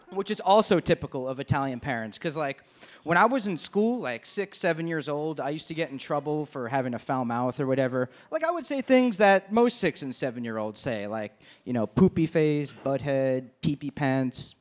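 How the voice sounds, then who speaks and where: A man's voice: fairly high pitch, lively intonation, normal speed. A young man performing a crude, brash stand-up comedy set on a comedy club stage.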